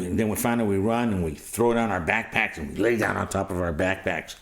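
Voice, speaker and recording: A man's voice: deep voice, echoey room. A man in his sixties telling a story from his own life in a vivid, rambling, profane way. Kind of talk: first-person storytelling.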